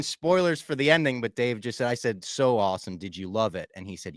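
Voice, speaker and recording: A man co-hosting a podcast, recapping a TV finale in casual chat, animated and swinging from loud outbursts to low asides. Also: brisk, hardly any pauses, no room sound. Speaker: podcast co-host.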